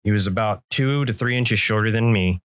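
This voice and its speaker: A man's voice: lowish voice, brisk, a bit bright, clear, resonant tone, no room sound. A man co-hosting a podcast, telling a story in loose, profane chat and acting out the quoted lines. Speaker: podcast co-host. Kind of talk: casual storytelling.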